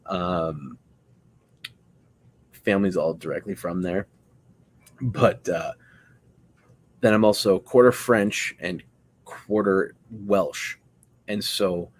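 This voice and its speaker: A man's voice: low voice, slightly rough, poor audio. A man hosting a stream, chatting casually and joking with viewers while he builds a puppet. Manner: rambling, joking, answering chat. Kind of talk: casual chat while crafting.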